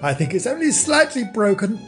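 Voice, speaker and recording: Flustered older lady, high wry falsetto, voiced by a man, lively delivery. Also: moderate pace, faint music behind. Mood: wry, pained.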